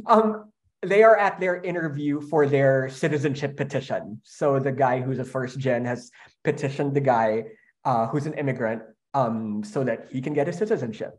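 A man who writes musicals, talking earnestly in a relaxed conversation, halting often with fillers and restarts. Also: mid-range voice. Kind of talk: casual panel conversation.

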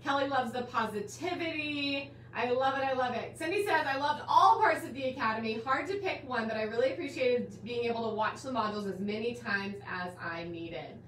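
A woman's voice: on the high side, fairly quick, few pauses, fairly bright tone. A woman hosting a live online quilting class stream, gushing and bubbly as she welcomes viewers and calls them guys and my dear. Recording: roomy, slightly distant with faint background hiss.

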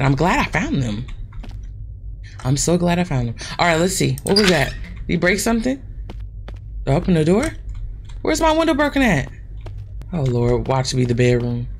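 A woman's voice: deep voice, slight background noise. A woman hosting a gaming channel, chatting casually and swearing freely as she plays a horror game and talks straight to her viewers.

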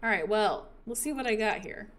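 A woman's voice: medium pitch, normal speed, fairly bright tone. A woman giving casual let's-play commentary, chatty and playful, joking at her own expense while she talks to her viewers. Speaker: game streamer.

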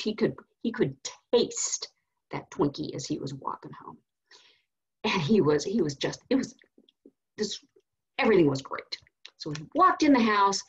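A woman teaching Sunday school, telling a story in an animated, storytelling way. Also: medium pitch, husky, highs cut off. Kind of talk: storytelling lesson.

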